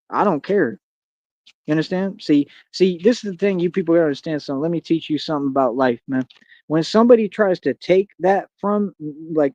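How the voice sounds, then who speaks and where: A man's voice: fairly high pitch, darkish tone, no room sound, muffled recording. A man delivering a confrontational, boastful rant as a streamer, heavy on slang and taunts. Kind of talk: ranting monologue to camera.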